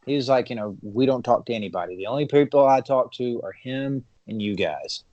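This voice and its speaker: A man plays an easygoing young man with a quick, offhand way of talking. He sounds casual and curious, never quite taking the danger seriously. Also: medium pitch, expressive, darkish tone, dry recording, muffled recording, close to an everyday voice.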